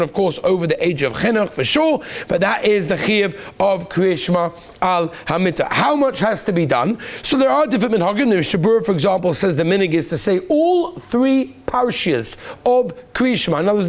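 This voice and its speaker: A man teaching a lively classroom lesson as a rabbi, quizzing students by name and praising their answers. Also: high-pitched.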